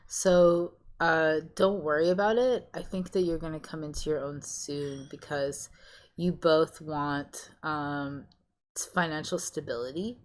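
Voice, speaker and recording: Low, slow-talking woman reading tarot. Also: steady tone. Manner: rambling and hesitant, many ums and restarts. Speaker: tarot reader. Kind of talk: casual pick-a-card tarot reading.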